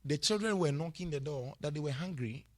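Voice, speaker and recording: A man's voice: a little high, lively intonation, a little fast. A male pastor preaching a sermon, emphatic and repetitive, often checking in with his congregation.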